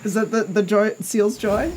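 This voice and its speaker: A woman's voice: mid-range voice, moderate pace. A woman playing a tabletop game, joking playfully with the table. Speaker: player. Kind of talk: casual chat at a game table. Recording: loud background noise.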